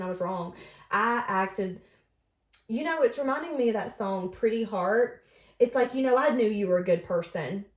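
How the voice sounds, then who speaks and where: Emotive woman reading tarot, echoey room. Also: medium pitch. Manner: earnest, emotive, speaks from the other person's view. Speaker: tarot reader. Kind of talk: casual spoken tarot reading.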